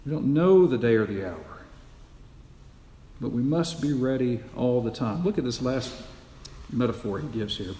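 A man's voice: medium pitch, lively intonation, normal speed, pauses often, mellow, a little hiss or hum. A man preaching a sermon as pastor, emphatic, repeating key phrases and asking the congregation rhetorical questions. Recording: echoey hall with long reverb.

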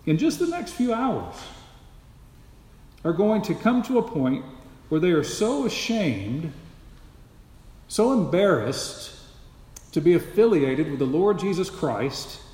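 A man's voice: a little high, big pitch swings, slow, pauses often, darkish tone. A man preaching an expository sermon, emphatic and repeating key phrases for stress. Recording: echoey hall with long reverb.

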